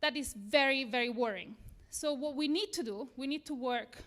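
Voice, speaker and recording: A woman's voice: high-pitched, normal speed, a bit bright. A woman with an Italian accent giving a nervous but earnest lightning talk to a live audience. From Italy. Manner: earnest, nervous, self-deprecating. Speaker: tech talk speaker. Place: event room with a live audience.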